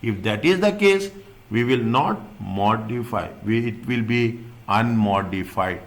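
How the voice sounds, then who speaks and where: A man's voice: lowish voice, expressive, a little slow. Man lecturing, asking "is it right?" often. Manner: repeats points, checks understanding with "is it right?"; restarts and rephrases often, non-native phrasing. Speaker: accounting exam tutor. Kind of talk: classroom lecture.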